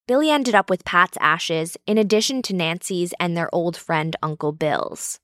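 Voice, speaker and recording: Woman narrator, lowish voice, dry studio read, steady. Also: normal speed, no room sound. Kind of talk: scripted documentary narration.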